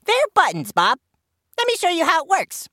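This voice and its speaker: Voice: very high-pitched, wildly swooping pitch, normal speed, pushed and bright, no echo, studio quality, full character voice. A voice actor playing a goofy, cheerful male cucumber who co-hosts a cartoon podcast, teasing and joking. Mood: playful. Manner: jokey, teasing, giggly. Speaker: co-host.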